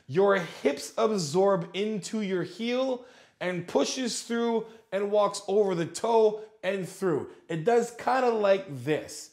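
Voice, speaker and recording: A man's voice: sits high, animated, takes it slowly, darkish tone, reverberant. A man, a fitness coach, bluntly critiquing workout form with exasperation and casual swearing.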